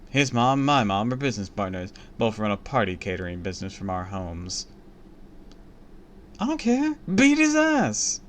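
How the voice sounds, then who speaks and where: A man reading a children's book aloud on a stream, breaking off with crude, joking asides. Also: fairly low pitch. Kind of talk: casual read-aloud with commentary.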